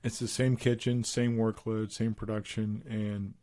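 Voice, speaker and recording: A man's voice: fairly low pitch, unhurried. Laughing podcast co-host man. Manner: laughs through his stories, animated retelling. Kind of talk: casual chat.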